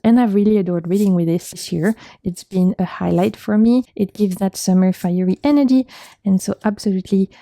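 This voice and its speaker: A woman's voice: mid-range voice, a little fast, vocal fry, dry recording. A young woman with a French accent, chatting casually as she reviews her favorite tarot decks in a vlog. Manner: chatty, warm thanks, frequent laughs. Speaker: tarot video creator.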